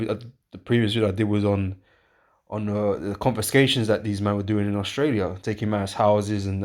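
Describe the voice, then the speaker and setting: A man preaches in a loose, conversational way, repeating himself and checking in with his listeners. His voice sits a little low, and he presses his points with steady emphasis. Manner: rambling, repetitive, emphatic with frequent fillers and tag questions. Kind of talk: informal preaching with scripture reading.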